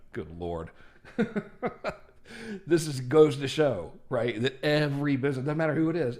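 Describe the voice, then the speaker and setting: A man's voice: fairly low pitch, darkish tone. Male marketing instructor, casual screen-share walkthrough, chatty and self-deprecating.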